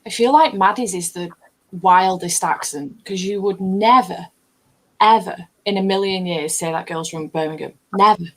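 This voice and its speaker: A woman's voice: mid-range voice, normal speed, a bit bright. A woman with a Lancashire accent telling stories in a casual group chat. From England, Bolton.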